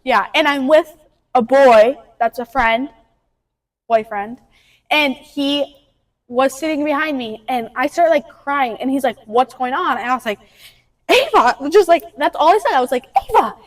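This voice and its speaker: Teen girl, high bright voice, chatty storyteller with lots of "like" fillers. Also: moderate pace. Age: teens. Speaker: co-host telling a story. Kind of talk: casual storytelling chat.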